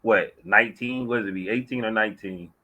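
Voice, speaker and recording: A man's voice: on the low side, a little fast, sharp tone, dull audio. A man in casual sports talk, making bold picks and telling stories with a laugh. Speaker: podcast co-host.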